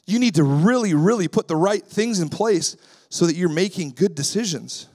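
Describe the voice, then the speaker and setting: A male pastor preaching a sermon in a relaxed, conversational way, weaving in stories about his daughters and acting out what he says to them. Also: high voice, normal speed. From Canada. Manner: lively, acts out his own voice when quoting himself.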